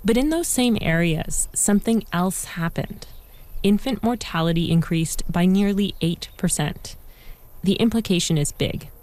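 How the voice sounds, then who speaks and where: A woman reporter giving a measured, scripted narration for a news feature. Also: lowish voice, darkish tone. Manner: measured, clear storytelling delivery.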